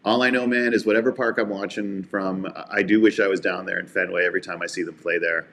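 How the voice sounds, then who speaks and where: Low-voiced man telling baseball stories. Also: steady tone, fast, slight background noise. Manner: warm storytelling, heartfelt. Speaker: podcast co-host. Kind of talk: casual sports chat.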